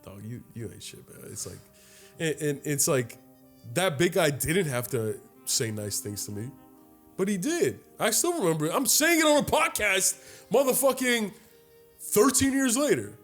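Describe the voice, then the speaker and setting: A man's voice: sits high, moderate pace, soft background music. A man in his late twenties co-hosting a podcast, telling a story in casual chat, swearing freely and acting out other people's voices. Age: late 20s. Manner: animated, profane, acts out voices in stories. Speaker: podcast co-host.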